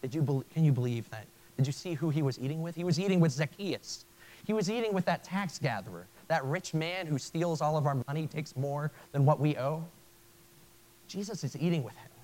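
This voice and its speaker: A man's voice: fairly high pitch, animated, brisk, darkish tone, poor audio. A male pastor preaching a sermon in an earnest way, often stopping and restarting his phrases. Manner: earnest, with frequent stammered restarts.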